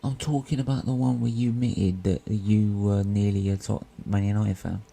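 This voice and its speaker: A man with a very low voice hosts a casual football stream. He chats loosely and keeps teasing the others in good fun. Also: fairly even intonation, moderate pace, gravelly, dark tone. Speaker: stream host. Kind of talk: casual football fan banter.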